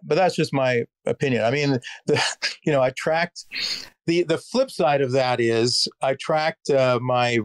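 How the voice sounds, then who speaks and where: A man's voice: medium pitch, a little slow, no echo. Thoughtful Canadian man in conversation. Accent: Canadian English. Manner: thoughtful, many fillers and restarts. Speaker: actor, interview guest. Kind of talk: reflective conversational interview.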